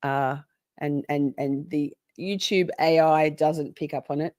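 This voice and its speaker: Woman commentator, low pitch, dry close sound, sarcastic and profane casual reaction talk. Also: steady tone, measured pace, dry recording. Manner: profane, sarcastic, laughing asides. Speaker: commentary streamer.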